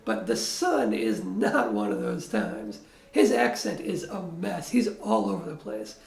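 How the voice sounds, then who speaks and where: Gravelly, animated male film critic. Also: sits high, measured pace, echoey room. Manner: blunt, wry, critical. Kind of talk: video film review.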